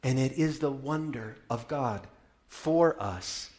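A man and parent preaching a sermon, swinging from loud proclaiming to hushed wonder, with wry, playful storytelling. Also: mid-range voice, slow. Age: adult parent. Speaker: pastor.

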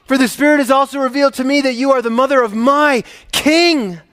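A man's voice: very high voice, a little fast, fairly bright tone, pitched above the performer's own voice. A man voicing an overjoyed elderly woman, effusive and exclaiming blessings. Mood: joyful.

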